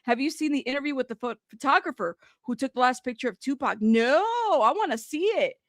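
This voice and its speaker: A woman's voice: high voice, animated, brisk, no echo, studio quality. A woman hosting a live stream, chatting casually, reading viewer comments aloud, laughing, and swearing as she reacts.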